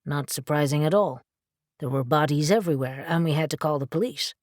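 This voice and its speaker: Brief: woman reading a sardonic tough-guy dealer, low voice, blunt and profane. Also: brisk, a little mellow, dry recording, studio quality, close to an everyday voice. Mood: gruff. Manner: blunt, sarcastic, swears. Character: gruff blunt male supernatural dealer.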